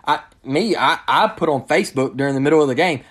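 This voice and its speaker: A man's voice: a little high, quick pace, fairly bright tone, husky. A man hosting his own sports show, giving frustrated, ranting commentary and often repeating himself. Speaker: sports podcast host.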